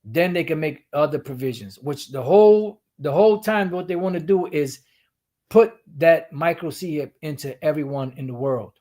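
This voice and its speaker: Higher-voiced man teaching scripture. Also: moderate pace, dark tone. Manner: explanatory, repeats and restarts phrases. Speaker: Bible teacher. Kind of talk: screen-share teaching.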